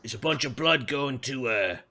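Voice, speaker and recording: A man narrating as game master of a tabletop game, relaxed and chuckling, with many fillers. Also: mid-range voice, normal speed.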